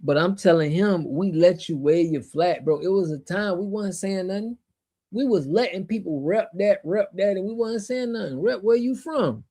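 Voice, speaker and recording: His voice sits high with a dark tone and a normal speed as this American host runs a casual livestream. Replies to chat come out emphatic and slangy, with repetition whenever he gets fired up.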